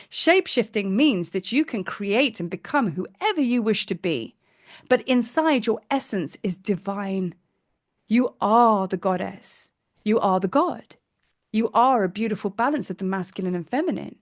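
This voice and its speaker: A woman teacher narrating a guided meditation in a soothing, dreamy, lightly rambling way. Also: a little high.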